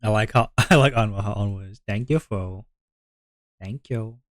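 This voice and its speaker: Soft-spoken young man streaming, halting. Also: fairly low pitch, no room sound, studio quality. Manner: halting, self-deprecating, restarts and trails off. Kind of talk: casual live-stream chat.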